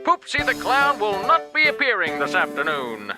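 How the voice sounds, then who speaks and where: A woman's voice: mid-range voice, wildly swooping pitch, normal speed, over music. A woman voicing a male fairground showman announcing grandly through a megaphone in a children's storybook.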